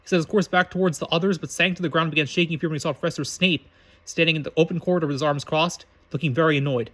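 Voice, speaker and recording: A man's voice: a little high, fairly even intonation, rapid-fire, fairly bright tone. A man reading a story aloud, often stumbling and correcting himself. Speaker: reader. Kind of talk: reading fan fiction aloud.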